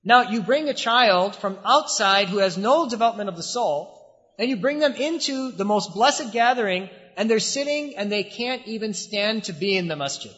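A high-pitched man preaching a sermon, building his points through repetition and rhetorical questions. His voice carries a long reverb from a large mosque hall. The recording sounds slightly muffled. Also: expressive, normal speed, fairly bright tone.

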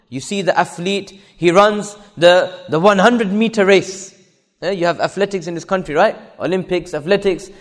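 A man delivers a sermon in a high, carrying voice. He speaks emphatically and drives home each point by repeating it. His words ring out with a long, lingering hall reverb. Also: fairly bright tone. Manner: emphatic, repeats key phrases. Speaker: preacher addressing women.

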